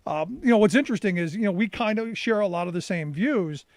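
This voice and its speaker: A man hosting a talk show, asking questions in a quick, eager way with stumbling restarts. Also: sits high, expressive, no echo. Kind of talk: interview questions.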